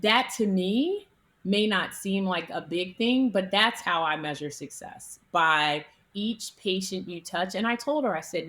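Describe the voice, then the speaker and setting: A woman physician being interviewed, telling stories in an animated, conversational way. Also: medium pitch, a little slow. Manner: animated, acts out quoted people in her stories. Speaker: physician, guest.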